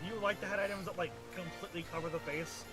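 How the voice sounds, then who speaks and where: Halting, rambling man gamer. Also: sits high, fairly even intonation, music in the background. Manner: rambling, halting, with many restarts and swearing. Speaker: co-player. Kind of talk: casual gaming chat.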